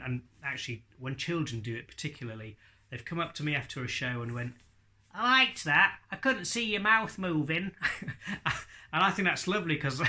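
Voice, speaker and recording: A man's voice: mid-range voice, pushed and bright. A man teaching ventriloquism in a casual video lesson, chatty and laughing often as he demonstrates sounds.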